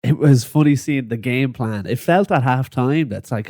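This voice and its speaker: Mellow-voiced man joking on a podcast. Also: mid-range voice, normal speed, few pauses, dry recording, studio quality. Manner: laughing, lively and jokey. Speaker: podcast co-host. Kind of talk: casual football chat.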